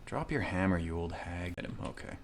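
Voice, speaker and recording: A man's voice: low-pitched, animated, fairly quick. A man in his thirties giving profane, joking commentary while playing a video game. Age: 30s. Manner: profane, jokey, rambling asides. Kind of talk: comedic let's-play commentary.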